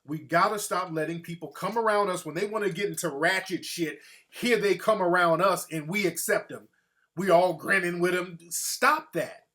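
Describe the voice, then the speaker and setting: A male host talks through his opinions in loose, profane commentary. His voice sits fairly high for a man. He delivers it with energy and often drops into quick mocking impressions of other people. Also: bright, forceful tone.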